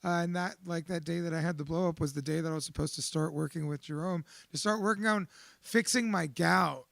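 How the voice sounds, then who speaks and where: A man giving a raw, profane, confessional account of his fears, swinging between quiet reflection and shouting. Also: a little high, brisk, creaky, no room sound. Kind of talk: emotional personal testimony.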